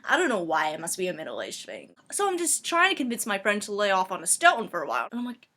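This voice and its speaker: Animated, chatty woman telling a story. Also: mid-range voice, quick pace. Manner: animated, chatty, many fillers like "like". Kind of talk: comedic storytelling.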